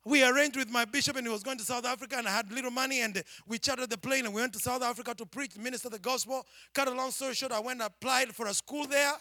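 A Kenyan man preaches through his own testimony in a very high, ringing voice. He tells it dramatically, dropping to a hush and then rising to a shout. The sound is dry, with no room around it. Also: steady tone, fast talker, few pauses, dry recording. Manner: dramatic storytelling, swinging from hushed to shouting. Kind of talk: personal testimony.

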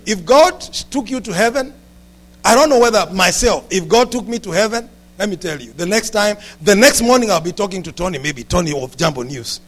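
A pastor delivers a sermon in a strikingly high-pitched male voice. He talks to the congregation in an animated way, climbing to shouts and dropping into quick asides.

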